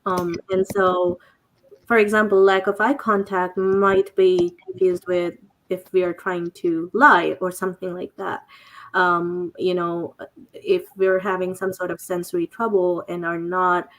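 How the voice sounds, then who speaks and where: A woman hosting a livestream panel chat, speaking hesitantly with frequent pauses and fillers. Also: lowish voice, fairly even intonation. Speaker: host.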